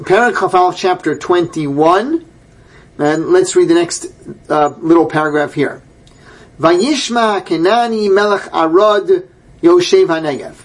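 A man's voice: on the high side, breathy edge. A man teaching a Torah class, reading verses aloud and then translating and explaining them. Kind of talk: Bible class lecture.

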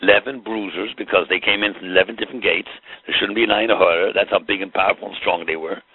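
A man's voice: deep voice, steady tone, fast talker, slightly rough, no echo. A man teaching a Torah lesson, telling the story with dramatic flair and Hebrew phrases. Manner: dramatic storytelling, acts out the scene. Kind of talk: Torah lecture mixing Hebrew and Yiddish terms. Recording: tinny phone-line audio.

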